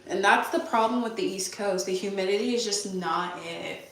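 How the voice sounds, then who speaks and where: A chatty young woman with a Californian accent rambles through a casual vlog while cleaning her bathroom at home, answering viewer questions aloud. Her voice is medium-pitched at a normal speed, heard from a distant mic in an echoey, roomy space with a little hiss or hum.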